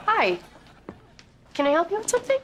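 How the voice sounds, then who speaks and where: A friendly, giggly young woman who works at a school. She has a high voice, and there is clear background noise from the sitcom set behind her. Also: wildly swooping pitch, brisk, a bit bright, dull audio, exaggerated voice. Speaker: school office worker, former babysitter. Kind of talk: sitcom acting.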